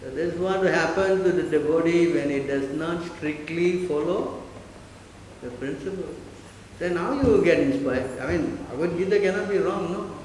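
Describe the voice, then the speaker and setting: Animated man lecturing. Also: a little high, normal speed. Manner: animated, rhetorical questions, mimics listeners. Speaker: spiritual teacher. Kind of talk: lecture with questions. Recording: echoey hall, faint noise.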